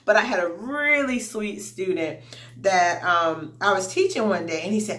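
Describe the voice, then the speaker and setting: A woman's voice: medium pitch, normal speed. A woman who teaches English online tells stories about her students in a casual, chatty way, speaking straight to her viewers. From United States. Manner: animated, chatty, addresses viewers directly. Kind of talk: casual vlog storytelling.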